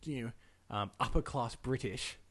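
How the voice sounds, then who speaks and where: A man's voice: medium pitch, moderate pace, a bit bright, breathy edge. A man co-hosting a podcast, chatting casually and playfully. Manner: playful, builds on jokes with bits. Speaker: podcast co-host. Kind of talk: casual chat.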